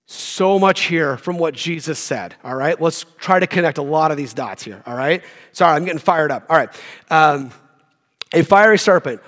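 High-voiced preacher in a reverberant hall. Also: male voice, a bit bright. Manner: casual, joking asides while reading scripture. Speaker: guest preacher. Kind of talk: sermon. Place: church hall. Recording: long reverb of a church hall.

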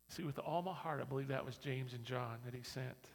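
Gravelly, animated male preacher. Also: mid-range voice, brisk, few pauses. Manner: animated, conversational preaching, repetitive. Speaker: pastor. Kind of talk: sermon. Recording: reverberant hall.

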